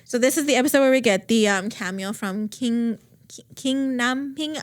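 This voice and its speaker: A woman's voice: a little high, moderate pace. A woman recapping a TV series on a podcast in casual, filler-heavy chat, swearing and acting out quotes. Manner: chatty, lots of fillers, swears, animated quoting. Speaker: podcast co-host.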